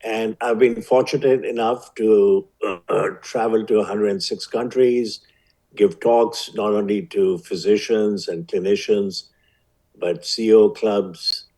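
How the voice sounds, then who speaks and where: A man in his seventies with an Indian accent, a physician telling his life story as a guest in an interview, measured and vivid. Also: lowish voice, warm tone, poor audio. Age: 70s.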